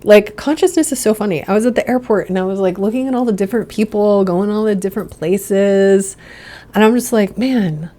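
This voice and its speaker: With a medium-pitched, slightly mellow voice, this adult woman, past childhood and drinking years, works as an integration coach and hosts a podcast. She muses earnestly in a reflective solo monologue packed with rhetorical questions.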